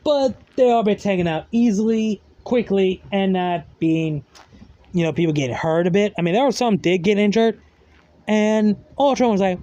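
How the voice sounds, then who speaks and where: A man's voice: sits high, moderate pace, dark tone, dull audio. A man casually retelling a fan story in a rambling way, full of fillers and loose grammar.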